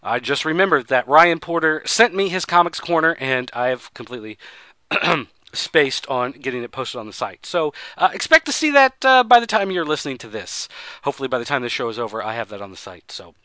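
A man hosting a podcast, rambling through a relaxed, conversational wrestling recap. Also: mid-range voice, fairly quick, no room sound. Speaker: podcast host. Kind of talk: casual chat recapping wrestling.

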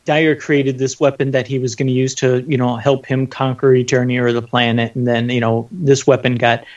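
A man's voice: mid-range voice, little pitch movement, moderate pace, muffled recording. Enthusiastic man on a distant mic. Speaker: podcast co-host. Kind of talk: casual chat.

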